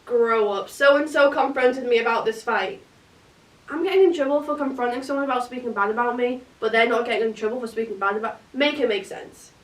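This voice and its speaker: British girl telling a storytime, high voice, lots of "like", sounds roomy and a bit off mic. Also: brisk, distant mic. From Britain. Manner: chatty, dramatic, full of "like". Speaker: vlogger. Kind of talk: casual storytime chat.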